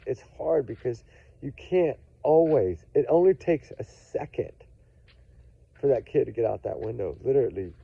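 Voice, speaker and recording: A man's voice: mid-range voice, creaky, dry recording. A man giving emphatic, casual true crime commentary to his viewers, repeating his points. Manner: emphatic, repetitive, addresses viewers as y'all. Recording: tinny phone-like audio.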